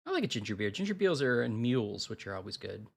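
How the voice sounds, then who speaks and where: A man's voice: mid-range voice, sing-song, fast talker, gravelly, breathy edge. A man co-hosting a livestream in casual comedic chat, riffing into silly bits. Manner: jokey, riffs into silly bits and voices. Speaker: livestream co-host.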